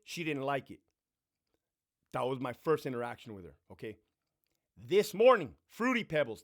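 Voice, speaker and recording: Man, casual storytime rant, swearing, lively pitch, slightly high voice. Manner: profane, animated, swings between loud bursts and low mutters. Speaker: vlogger telling a story.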